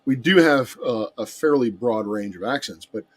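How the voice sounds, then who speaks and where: A man's voice: mid-range voice, moderate pace. A man, a guest in casual chat, easygoing and chuckling. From United States.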